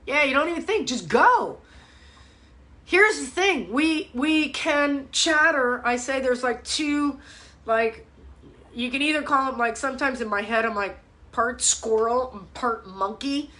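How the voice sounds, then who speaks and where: A middle-aged woman fitness coach chatting on a live stream, blunt and animated, cursing freely. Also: high voice, unhurried. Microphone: phone or webcam mic.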